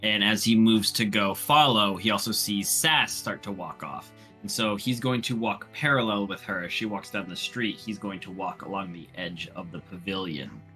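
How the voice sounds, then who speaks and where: A man describing his character's actions in a tabletop game, relaxed and rambling. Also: on the low side, moderate pace, few pauses, faint music behind. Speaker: player.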